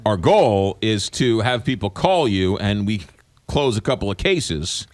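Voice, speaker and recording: A man's voice: lowish voice, lively intonation, a little slow, no echo. A man hosting a radio morning show, joking and upbeat, repeating key details for listeners. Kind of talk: casual radio interview banter. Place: radio studio. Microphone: studio microphone.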